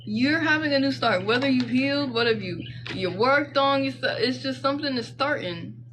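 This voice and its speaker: A woman's voice: sits high, normal speed, background noise. Chatty young woman reading tarot. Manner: chatty, slangy, rambling asides. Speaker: tarot reader. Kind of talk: casual tarot reading chat.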